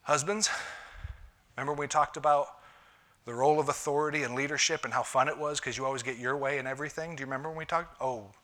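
Bright-voiced male pastor preaching. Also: mid-range voice. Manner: conversational, shifting between punchy lines and hushed asides. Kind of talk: sermon on marriage.

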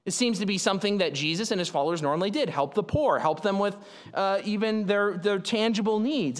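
A man's voice: sits high, fairly quick, hardly any pauses, in a large hall. A man preaching a sermon in a conversational, explaining way, with many fillers and restarts. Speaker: pastor.

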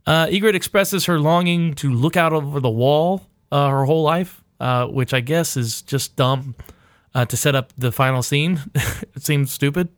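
A man's voice: fairly high pitch, moderate pace, no echo, studio quality. A man hosting a podcast in casual chat, loose and profane, with lots of filler uhs. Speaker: podcast host.

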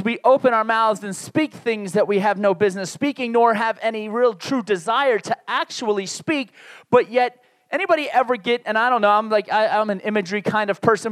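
A younger man preaching a sermon in a conversational, animated way, with asides and restarts. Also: high-pitched, no echo. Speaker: pastor.

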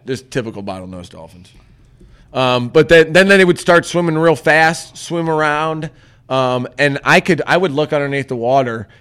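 A man's voice: mid-range voice, smooth. A man hosting a casual podcast, telling a story with lots of swearing and acted-out quotes. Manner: profane, animated storyteller acting out quotes. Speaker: podcast host.

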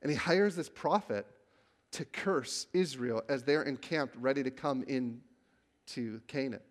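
A male pastor preaching a sermon, telling the story with animation and acting out the quotes, then growing hushed when he reads scripture. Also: mid-range voice, a little slow. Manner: drops to a hushed, reverent tone when reading scripture.

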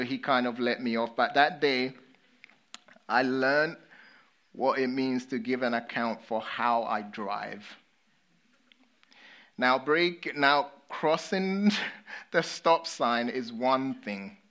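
A man from England with an English accent, a pastor delivering a sermon. He tells stories with energy, then drops to hushed, sober emphasis. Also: medium pitch. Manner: storytelling, swinging between lively and hushed, sober.

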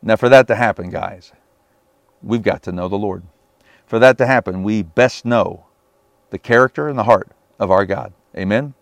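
A man's voice: on the low side, moderate pace, no room sound. A man preaching a sermon on a Bible passage, emphatic and often asking his listeners rhetorical questions.

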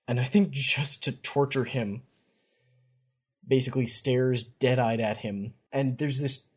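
A man with a husky voice and a middle pitch chats through a recap of fantasy fiction. He mixes casual commentary with passages read straight from the text. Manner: chatty retelling, reads passages aloud. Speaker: podcast host.

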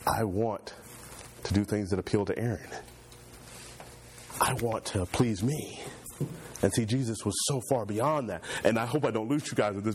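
A man preaching a sermon, building repetitive points with fervor and pushing his voice higher as he gets passionate. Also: moderate pace, long pauses, slight background noise. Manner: impassioned, voice climbs high when fervent.

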